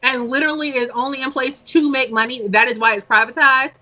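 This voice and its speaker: A woman's voice: high-pitched, steady tone, brisk, bright, forceful tone, lo-fi sound. A woman who works in healthcare, co-hosting a casual podcast and arguing back with pointed questions. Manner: argumentative, pushes back with questions. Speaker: co-host, healthcare worker.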